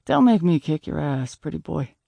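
Blunt protective man, terse low lines, put on by a male narrator, gravelly edge. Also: big pitch swings, moderate pace, mellow, dry recording, heavily acted. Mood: teasing threat.

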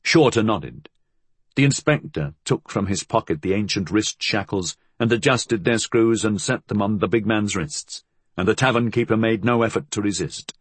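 A man narrating a crime novel at a measured storytelling pace. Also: lowish voice, husky, dry recording. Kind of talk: audiobook narration.

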